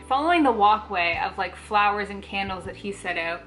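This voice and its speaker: A young woman vlogging, telling a personal story to camera in a chatty, animated way, full of "like" fillers. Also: mid-range voice, fairly quick, hardly any pauses, faint music behind.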